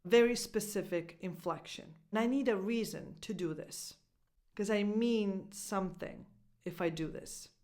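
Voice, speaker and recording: Woman, Italian native speaker, English pronunciation coach, unhurried delivery, mid-range pitch, careful demonstrations. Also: a little mellow. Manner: clear, deliberate demonstrations with repeat-after-me drills. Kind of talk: pronunciation lesson.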